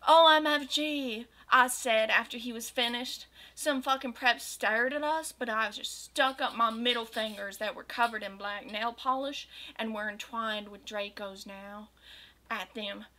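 A young woman reads a story aloud in a mocking tone, breaking off for dry, sarcastic comments. Her voice is very bright and sits a little high. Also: measured pace. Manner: sarcastic, deadpan asides. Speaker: reader of fanfiction. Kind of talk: mocking read-aloud with asides.

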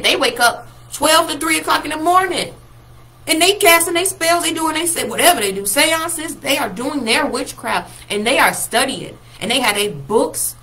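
Woman prophetic minister, high-ish bright voice, animated livestream preaching, calls viewers y'all. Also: rough recording. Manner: animated, talks straight to viewers with y'all and laughs.

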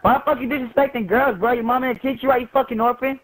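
Higher-voiced man snapping back on game chat. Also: steady tone, racing, a bit bright, low-quality recording. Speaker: online game player. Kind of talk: heated voice chat.

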